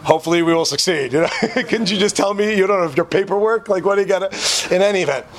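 A man with a slightly high voice tells a funny story to a small audience in a hall. He chats and jokes, turns to the crowd with quick asides, and a faint hiss sits under the recording. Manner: chatty, joking, addresses the audience with asides. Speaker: speaker telling a story to an audience. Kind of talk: humorous storytelling talk.

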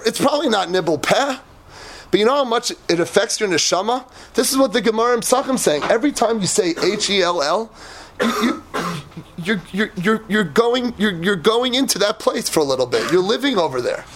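A man, a rabbi, giving a lively Torah talk with laughing asides and acted-out quotes. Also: high-pitched, moderate pace, slight background noise.

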